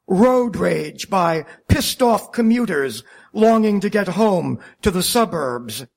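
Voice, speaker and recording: A man narrating a wry first-person story about driving a taxi, deliberate and self-mocking. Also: high-pitched, creaky.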